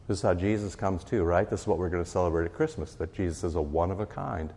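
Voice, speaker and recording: Pastor guy teaching catechism, low voice, chatty, lots of "right?", long hall echo. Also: fast, few pauses, mellow. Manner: conversational, often asks "right?".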